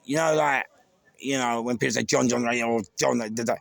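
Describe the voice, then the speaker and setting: Gravelly London man, emotional rambling tribute. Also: medium pitch, steady tone, fairly quick, dry recording. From England. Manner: emotional, rambling with many restarts. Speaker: vlogger. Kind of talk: casual tribute monologue.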